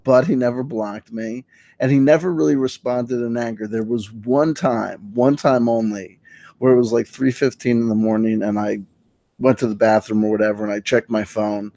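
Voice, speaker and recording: A man hosting a stream, telling a casual story and acting out old online exchanges with laughs and quick asides. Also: medium pitch, gravelly, no room sound. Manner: animated, laughing, acts out quoted exchanges. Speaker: stream host. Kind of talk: casual storytelling with mock readings of tweets.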